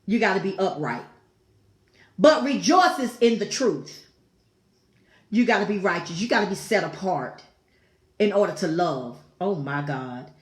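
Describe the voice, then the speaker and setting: A woman's voice: medium pitch, lively intonation, measured pace, long pauses. A woman hosting a talk show, giving a fervent, preaching-style devotional talk with repeated phrases and exclaimed asides. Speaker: talk show host teaching scripture. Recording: echoey room.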